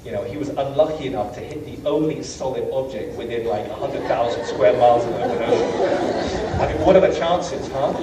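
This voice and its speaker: A British man giving a humorous travel lecture to a college audience, telling stories with a self-deprecating touch and lots of ums and uhs, recorded from far off in a lecture hall. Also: mid-range voice. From Britain. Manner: anecdotal, self-deprecating, many fillers. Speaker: guest lecturer. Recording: echoey hall from far off, faint hiss.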